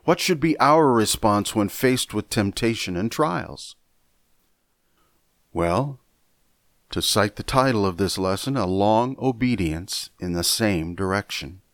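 A man teaching a Bible lesson in a measured, deliberate way, often repeating a word as he thinks. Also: lowish voice, lively intonation, no echo, studio quality. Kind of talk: sermon lesson.

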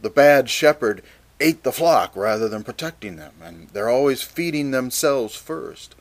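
A man preaching a Bible teaching sermon, measured and deliberate, reading scripture passages aloud. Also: medium pitch, lively intonation.

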